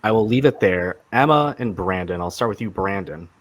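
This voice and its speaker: A man's voice: on the low side, lively intonation, moderate pace. A man hosting a casual podcast chat about comics, enthusiastic and rambling with many fillers and restarts. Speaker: podcast host.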